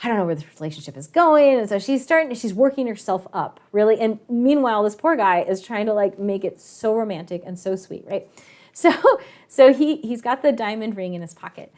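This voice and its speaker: A woman teacher telling a lively story to her online class, chatty and animated, with frequent laughing asides, over a video call. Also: mid-range voice, normal speed. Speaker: math and science teacher.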